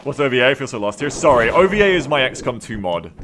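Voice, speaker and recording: Excitable swearing game streamer. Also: male voice, medium pitch, quick pace, noisy background. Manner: excitable, rambling, swears freely. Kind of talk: casual gaming livestream commentary.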